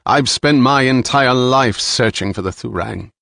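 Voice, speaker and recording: A man's voice: mid-range voice, a little slow, vocal fry, fairly bright tone, no room sound. A male narrator voicing a stubborn, proud man who defies his captor. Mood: defiant. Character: defiant older male treasure seeker.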